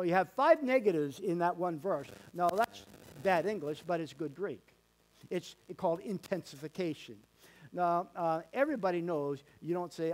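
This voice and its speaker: High-voiced folksy male preacher. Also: darkish tone. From Canada. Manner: folksy, repetitive emphatic preaching with many fillers. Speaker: pastor. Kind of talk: sermon. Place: church sanctuary.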